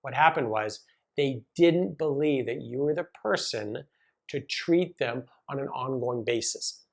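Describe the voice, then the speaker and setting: A man teaching massage therapists in a casual, animated way, talking straight to the viewer. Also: mid-range voice. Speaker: massage business coach. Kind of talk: direct-to-camera teaching video.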